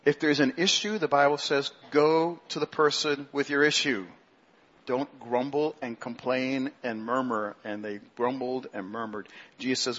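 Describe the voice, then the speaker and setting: A man preaching a sermon as pastor, animated, mimicking grumbling people in a mocking high voice. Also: moderate pace, muffled recording.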